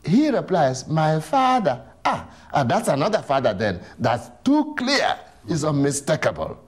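Guy explaining church teaching, higher voice, swoops up and down a lot, keeps asking who are we. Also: moderate pace, breathy edge. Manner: animated, emphatic, asks rhetorical questions. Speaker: Catholic teacher answering catechism questions.

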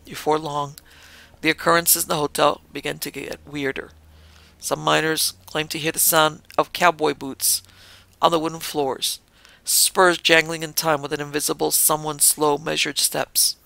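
A male podcast host reads a ghost story in measured, dramatic narration. His voice is gravelly, with a fry at the ends of phrases. The sound is dry and close. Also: a little high, level tone, pushed and bright, dry recording. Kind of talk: scripted narration.

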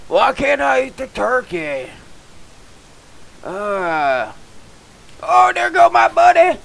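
Brief: male gamer, goofy hick persona, bright, sharp tone, creaky and gravelly, prone to excited shouting. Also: extremely high pitch, slow, pauses often, poor audio. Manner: goofy dim-witted yokel persona with folksy slang. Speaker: gamer vlogger. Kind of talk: comedic gameplay commentary.

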